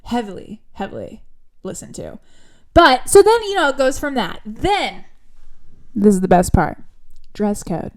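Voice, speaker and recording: Brief: young woman, podcast host, casual storytelling, slightly high voice, animated and chatty. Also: a little slow, pauses often. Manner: chatty, animated, full of asides and restarts.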